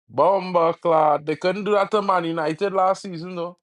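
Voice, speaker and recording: A man hosting a live football watch-along, teasing rival fans in local slang and yelling about the referee's calls. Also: high voice, steady tone, normal speed, few pauses. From Trinidad and Tobago. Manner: yells at the referee over fouls.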